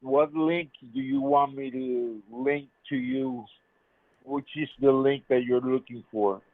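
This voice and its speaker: A man's voice: medium pitch, steady tone, takes it slowly, no echo. Insistent fifties man on a tinny phone line. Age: 50s. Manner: insistent, repeats his points in circles. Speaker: caller. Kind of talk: live call-in debate.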